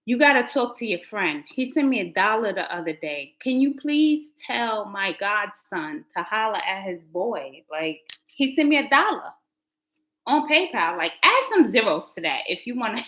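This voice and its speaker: A woman's voice: fairly high pitch, big pitch swings, normal speed, a bit bright, poor audio. A woman, hosting a casual live tarot stream and chatting and laughing with her viewers. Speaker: livestream host, tarot reader.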